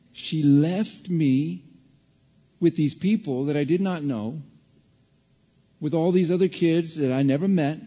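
A man preaching a sermon as a pastor, telling a childhood story in an animated way and acting out other people's voices. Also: mid-range voice. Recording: dull, reverberant hall recording.

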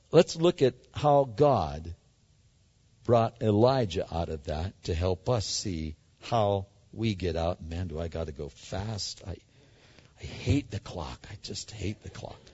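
A man preaching a sermon in an animated way, swinging from loud, emphatic lines to hushed ones. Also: fairly low pitch, slow pace, long pauses, husky. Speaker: pastor. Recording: dull sound in a large hall.

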